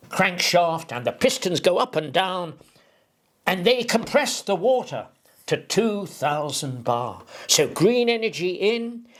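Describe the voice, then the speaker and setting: A man giving an informal engineering explainer, rambling and digressive, with homely analogies and emphatic delivery. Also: a little high. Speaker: presenter explaining an engineering idea.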